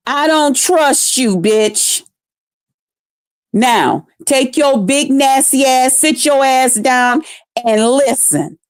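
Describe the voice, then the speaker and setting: A woman hosting a live stream, ranting in a blunt, profane, mocking way with drawn-out emphasis. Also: on the high side, no echo, studio quality.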